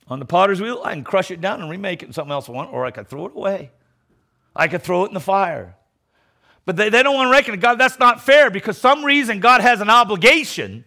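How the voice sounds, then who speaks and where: Preaching a sermon, a middle-aged man speaks with emphasis, alternating loud pronouncements with low, mocking asides. He frequently repeats words when restarting a phrase.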